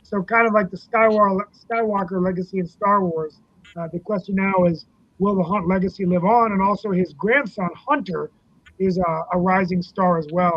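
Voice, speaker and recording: A man with a fairly high voice shares memories in an unhurried, filler-heavy way. He co-hosts a casual political talk show. The sound is a bit dull and lo-fi. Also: vocal fry. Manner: reminiscing, many uh fillers. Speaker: co-host, city councilman.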